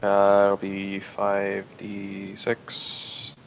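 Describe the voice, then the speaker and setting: A man's voice: lowish voice, monotone, extremely slow, gravelly, dull audio, slight background noise. A man playing in a tabletop game, casual and jokey. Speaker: player.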